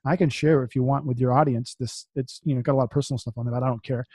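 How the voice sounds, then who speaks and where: A man's voice: medium pitch, steady tone, very fast, mellow, slightly rough, no echo, clean studio sound. A man from the US East Coast, a podcast guest, talking casually and reading affirmations aloud, often repeating his words.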